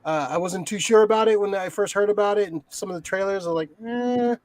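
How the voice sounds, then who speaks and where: A man's voice: sits high, fast, no echo. A man co-hosting a casual podcast, rambling and swearing a lot, restarting his sentences often. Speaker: podcast co-host. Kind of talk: casual chat.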